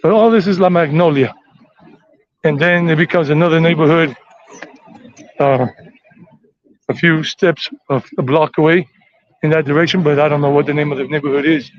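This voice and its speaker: A man's voice: a little high, steady tone, moderate pace, long pauses, no room sound, highs cut off. Easygoing American man on a walking tour. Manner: easygoing, rambling, chatty. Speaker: tour vlogger. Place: outdoors on city streets.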